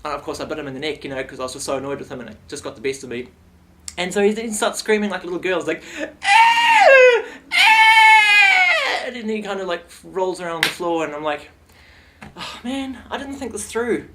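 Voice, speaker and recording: Young man, comic vlog storyteller, rambling, playful, slightly high voice, faint background hum. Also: racing. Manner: rambling, playful, animated retelling. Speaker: vlogger.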